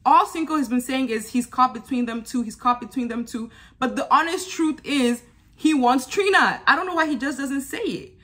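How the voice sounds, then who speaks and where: Bright-voiced woman chatting to viewers. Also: high-pitched, moderate pace. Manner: chatty, animated, laughs often, addresses viewers directly. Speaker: YouTube reality TV reviewer. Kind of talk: casual recap vlog.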